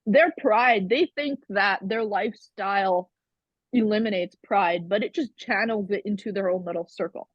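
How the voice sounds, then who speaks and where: Blunt young woman from Canada, breathy, dry and slightly muffled, rambles and swears. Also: mid-range voice, moderate pace, no echo. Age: 20s. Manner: rambling, frank, swears freely. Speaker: guest. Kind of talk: candid conversational interview.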